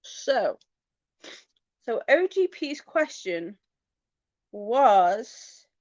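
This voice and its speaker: A woman vlogging in casual chat, talking in a halting, hesitant way with many fillers. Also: a little high, big pitch swings, a little mellow, dry recording, highs cut off.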